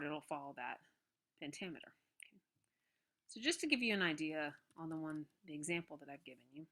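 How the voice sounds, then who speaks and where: A woman's voice: low voice, a bit bright. A woman teacher patiently explaining a worksheet step by step, with frequent checks like "okay". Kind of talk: recorded classroom lesson walkthrough.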